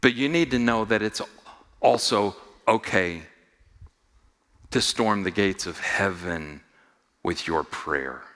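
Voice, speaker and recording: A male pastor preaching in a big hall with a long ringing reverb. His voice sits fairly low but sounds bright and forceful. He moves from hushed asides to loud, soaring appeals, repeating lines and asking the congregation questions. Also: slow pace, pauses often. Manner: builds from quiet, low asides to loud, high-pitched exhortation; repeats phrases for emphasis, asks the congregation questions. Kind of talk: sermon.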